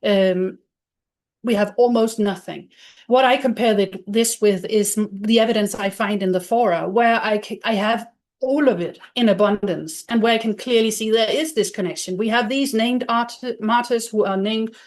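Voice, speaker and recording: A woman's voice: mid-range voice, moderate pace. A woman lecturer answering audience questions in an academic Q&A, thoughtful and hedging, often restarting her sentences.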